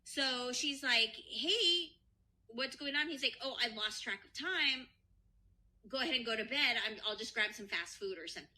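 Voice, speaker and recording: A woman co-hosting a podcast, casually retelling a story with animated quoted voices and lots of swearing. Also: on the high side, normal speed. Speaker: podcast co-host.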